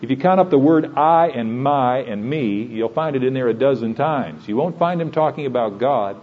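A man's voice: mid-range voice, lively intonation, normal speed, highs cut off. A man preaching a sermon in an earnest, conversational way, building to emphatic points.

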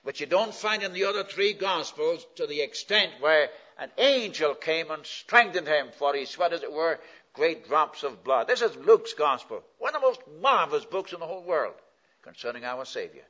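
A man preaching a sermon, asking the congregation questions and answering them, building to loud emphatic peaks. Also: a little high, lively intonation, normal speed, dull audio.

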